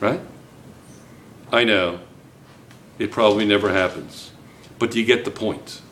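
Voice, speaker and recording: A man teaching a chemistry class, lecturing with lots of quick checks on whether students follow. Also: on the low side, roomy sound, a little hiss or hum. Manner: lively, keeps checking students with "yes or no?".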